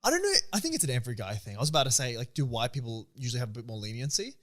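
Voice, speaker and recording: A young man in his twenties, co-hosting a casual podcast chat and asking questions in a relaxed way. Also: mid-range voice, racing. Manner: relaxed, chatty, asks questions. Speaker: podcast co-host.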